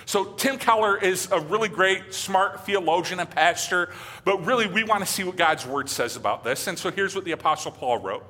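A male pastor preaches in a loose, conversational way, trailing off into fillers as he goes. His voice sits a little high and rings bright. A long church-hall echo hangs behind every phrase. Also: lively intonation, normal speed. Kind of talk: sermon.

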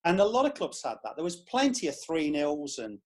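A man who is a club historian, telling lively anecdotes in a podcast chat. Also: fairly high pitch, brisk.

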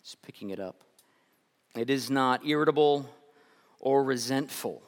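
A man's voice: medium pitch, unhurried. Male pastor, mid-range voice, chatty sermon delivery with frequent restarts, long church reverb. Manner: conversational storytelling, often restarts and repeats words. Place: church sanctuary.

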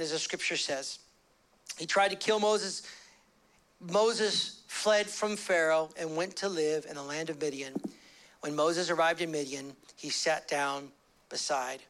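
Preaching conversationally, this pastor has a somewhat bright voice. He varies his speed and pitch freely and slips into brief, quick voices to act things out.

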